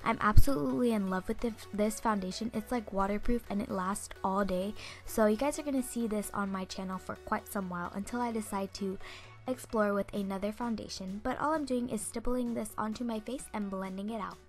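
A woman's voice: mid-range voice, brisk. Teenage girl, beauty vlogger, morning voice, chatty and rambling, faint music behind. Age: teens. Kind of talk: casual makeup tutorial narration.

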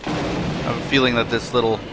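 A man's voice: medium pitch, very noisy. A young man narrating his gameplay, talking tenderly and emotionally to the animals on screen. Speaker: gaming video host. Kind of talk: let's play commentary.

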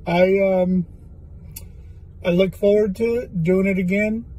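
A man's voice: high voice, fairly even intonation, slow pace, mellow, low-quality recording. A man, a golf caddie, giving a casual, effusive and emotional video message to fans.

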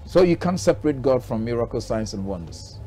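A man's voice: mid-range voice, big pitch swings, brisk, mellow, soft background music. A man from Ghana, a bishop answering interview questions in a preaching manner, driving his points home with repeated rhetorical questions.

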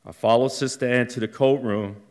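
A middle-aged man telling a personal story live on a theater stage, in a slow, halting delivery that flares up at times. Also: mid-range voice, fairly even intonation, darkish tone.

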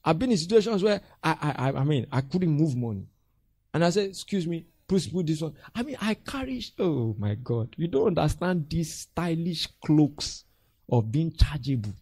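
Nigerian male pastor, high lively voice, dry close sound, animated mentoring sermon. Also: normal speed, slightly rough, no room sound. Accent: Nigerian English. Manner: animated, acts out church members' voices with laughter.

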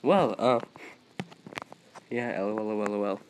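A man commenting on his own gameplay as he plays, excitable, yelping at other players one moment and muttering to himself the next. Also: lowish voice, a little slow, a little hiss or hum, poor audio. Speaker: gaming video creator.

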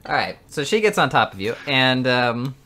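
A man narrating as game master of a tabletop game, unhurried and often laughing. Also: medium pitch, big pitch swings, pushed and bright, a little hiss or hum.

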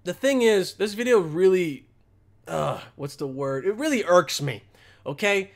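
A man's voice: sits high, animated, a little slow. A man giving a sarcastic, profane reaction commentary, often tacking "okay?" onto his sentences. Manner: repeats "okay?" and "all right?" often. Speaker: commentary vlogger.

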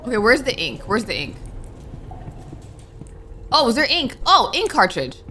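A woman's voice: fairly high pitch, huge pitch swings, a little slow, bright, forceful tone, a little hiss or hum. A young woman commenting on her gameplay, talking to herself and jumping with nervous exclamations, with game music behind her. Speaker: gaming streamer.

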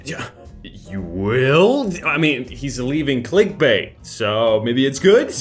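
A man's voice: medium pitch, big pitch swings, takes it slowly, faint music behind. Laid-back man laughing through memes. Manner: laughs often, reads captions then jokes. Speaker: meme reaction host. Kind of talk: casual meme commentary.

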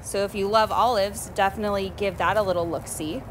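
A woman's voice: medium pitch, fairly even intonation, fairly quick, background noise. A woman leading a cooking demonstration on a TV show, friendly and agreeable as she walks through each step.

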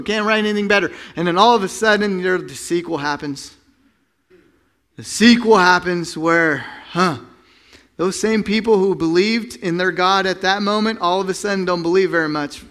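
A man pastor preaching a sermon, telling the story with acted-out voices and sound effects, swinging between loud bursts and hushed tones. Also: sits high, normal speed.

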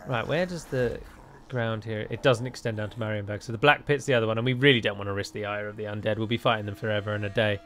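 A man's voice: on the low side, steady tone, fast talker, hardly any pauses, fairly bright tone. Chatty English man narrating a strategy game. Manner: chatty, wry, rambling asides. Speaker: gameplay commentator. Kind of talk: casual let's-play commentary.

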